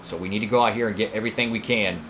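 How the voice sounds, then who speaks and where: A young man commentating his own racing game run, excitable and talking at the other drivers. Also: lowish voice, very fast, slight background noise. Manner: excitable, talks to rival drivers, frequent outbursts. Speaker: gaming channel host.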